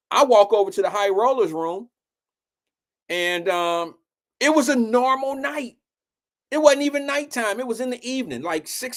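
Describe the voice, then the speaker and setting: A man's voice: high-pitched, fairly bright tone. A man hosting his own show, telling a long story in loose, profane, slang-heavy casual speech.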